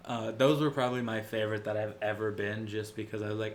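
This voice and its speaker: Low-voiced joking man, casual chat. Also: little pitch movement, fast talker, hardly any pauses, slight background noise. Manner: rambling, jokey, self-mocking. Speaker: podcast co-host.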